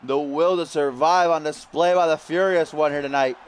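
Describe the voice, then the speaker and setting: Excitable male wrestling game commentator. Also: fairly high pitch, normal speed, a little hiss or hum. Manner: jokey, yells in sudden excitement. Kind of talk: video game play-by-play commentary.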